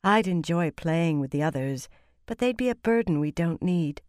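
A woman's voice: fairly low pitch, lively intonation, moderate pace, darkish tone, no room sound, studio quality, close to an everyday voice. A woman voicing a fragile-looking but sadistic villainess in a fantasy audiobook, relishing cruelty.

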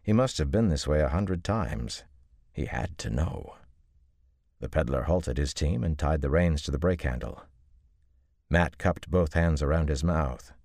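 A man narrates an audiobook in a calm, measured way. His voice sits extremely low, down in a rumbling bass. The recording is dry and close, with no room sound. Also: creaky, dry recording. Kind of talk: scripted narration.

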